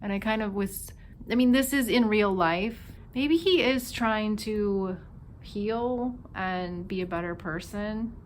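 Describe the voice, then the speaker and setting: A woman's voice: mid-range voice, slow pace, a little hiss or hum. A woman with a Minnesota accent giving a casual tarot reading, chatting and thinking aloud with lots of fillers. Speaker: tarot reader.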